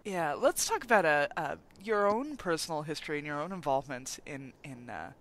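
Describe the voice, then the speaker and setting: Bright, high-voiced enthusiastic host. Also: male voice, lively intonation, a little fast. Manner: enthusiastic, laughs often, rambling. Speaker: podcast host. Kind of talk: casual interview chat.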